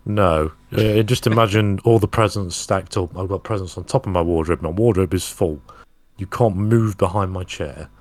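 A man's voice: low-pitched, normal speed, no room sound. A man co-hosting a podcast in casual chat, dropping dry, joking asides. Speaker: podcast co-host.

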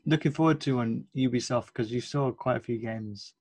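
Joking podcast host. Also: male voice, mid-range voice, moderate pace, a little mellow, breathy edge, no echo. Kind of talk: casual interview chat.

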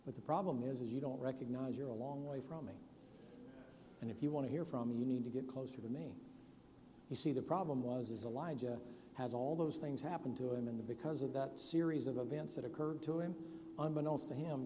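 A preacher with a mellow, dark voice, telling Bible stories in a folksy, conversational way. His sermon rings with the long reverb of a big hall, with faint room ambience underneath. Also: mid-range voice, brisk, a little hiss or hum. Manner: folksy storytelling preacher, acts out Bible scenes in casual voices. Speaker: pastor.

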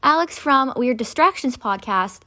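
A woman's voice: sits high, animated, moderate pace, sharp tone. A young woman hosting a true-crime podcast, talking casually with swearing and self-deprecating asides. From Ontario, Canada. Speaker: podcast host.

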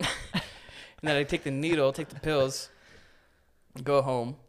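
A young man telling a story casually on a podcast, animated and laughing as he acts out moments. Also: medium pitch, takes it slowly.

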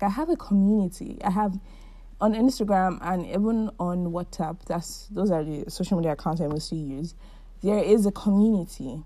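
A woman's voice: lowish voice, no echo. Young woman in her twenties, podcast host, casual heartfelt chat, dry close sound. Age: 20s. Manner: warm, heartfelt and chatty, with frequent likes. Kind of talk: casual solo monologue.

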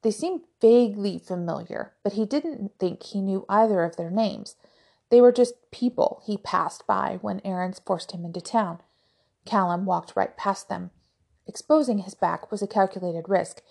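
A woman narrating a fantasy novel aloud in an even, measured storytelling voice. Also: mid-range voice, creaky. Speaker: audiobook podcast narrator.

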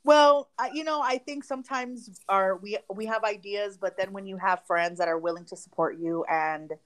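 A woman co-hosting a podcast in casual chat, talkative and quick to laugh. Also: mid-range voice. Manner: chatty, laughs often. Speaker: podcast co-host.

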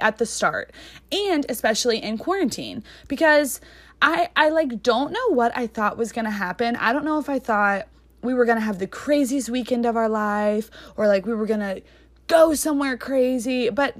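A young adult woman hosting her own podcast in casual solo chat, talking fast and rambling with lots of fillers. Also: fairly high pitch, a bit bright, no room sound. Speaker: podcast host.

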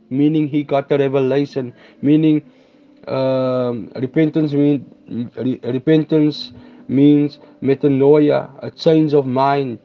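A man preaching a sermon, reading scripture aloud and explaining it, repeating and restarting phrases and slowing down on key words. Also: medium pitch, level tone. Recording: dull lo-fi sound with faint music behind.

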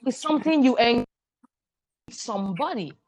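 A woman educator explaining her ideas in a measured, emphatic way on a podcast. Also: a little high, expressive, a little mellow, no echo. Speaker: guest, sexual and reproductive health educator. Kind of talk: podcast conversation.

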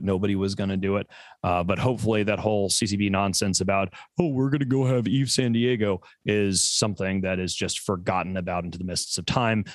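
Low, dry-voiced rambling man. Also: no echo. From USA. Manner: profane, rambling, many stammered repeats. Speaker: podcast co-host. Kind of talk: casual chat.

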